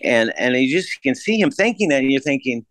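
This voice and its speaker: A man telling a story as a podcast guest in a casual, laid-back way, swearing freely and jumping his pitch up to act out the voices of people he quotes. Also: animated, a little fast, fairly bright tone, no room sound. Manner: acts out quoted voices with big pitch jumps.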